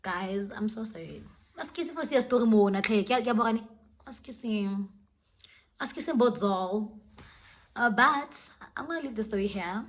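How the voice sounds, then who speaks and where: A woman's voice: a little high, normal speed. A young woman telling a dramatic storytime vlog, switching languages as she goes. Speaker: vlogger. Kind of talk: storytime vlog, casual chat.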